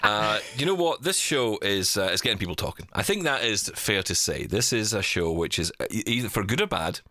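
A man's voice: fairly low pitch, animated, fairly quick, bright, forceful tone. A man hosting a casual podcast panel chat, rambling and self-deprecating. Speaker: podcast host.

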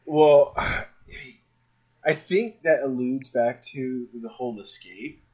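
A man co-hosting a comic-book podcast, animated and acting out characters' lines in paraphrase. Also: mid-range voice, slow, slightly rough. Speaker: podcast co-host. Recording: dull lo-fi mic.

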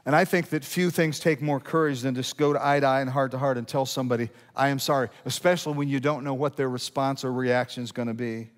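A man's voice: mid-range voice, fairly even intonation, fast, hardly any pauses, long reverb tail. A male pastor preaching a sermon in a conversational style, asking rhetorical questions and building to emphatic peaks.

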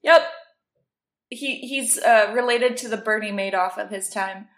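A woman's voice: medium pitch, unhurried. A woman co-hosting a podcast, explaining history in a chatty, casual way. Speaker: podcast co-host. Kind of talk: casual chat. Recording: roomy echo.

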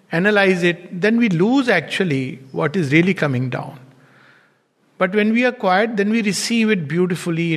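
A man giving a calm, unhurried spiritual lecture, with soft chuckles. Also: high-pitched, in a large hall. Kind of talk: reflective spiritual talk.

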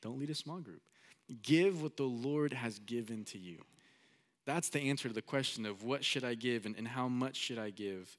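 A man's voice: mid-range voice, normal speed. A man preaching a sermon in a casual, storytelling manner, often repeating his phrases.

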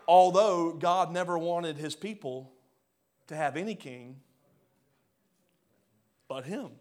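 A pastor preaching a sermon, swinging between loud rising bursts and quiet low drops. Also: male voice. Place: church hall.

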